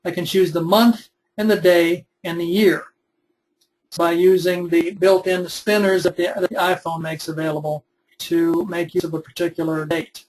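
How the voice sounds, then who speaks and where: Webinar instructor: young man, high voice, casual step-by-step explaining. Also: little pitch movement, normal speed, a little mellow, a little hiss or hum, rough recording. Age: 20s. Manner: conversational, explains step by step with fillers. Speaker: web development instructor. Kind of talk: recorded webinar demonstration.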